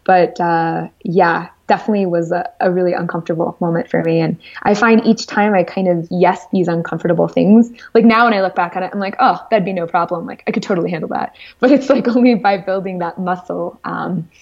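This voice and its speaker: A woman speaking as an interview guest, telling stories in a lively, rambling way with lots of fillers. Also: fairly low pitch, fairly quick, creaky, hardly any pauses, lo-fi sound. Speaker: guest entrepreneur. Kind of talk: casual storytelling interview.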